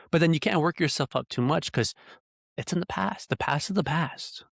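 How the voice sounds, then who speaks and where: A man's voice: a little high, normal speed, creaky, dry recording. A man hosting his own podcast, delivering an earnest, heated monologue full of rhetorical questions into a close microphone. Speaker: podcast host. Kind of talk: ranting solo podcast monologue. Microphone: podcast mic close up.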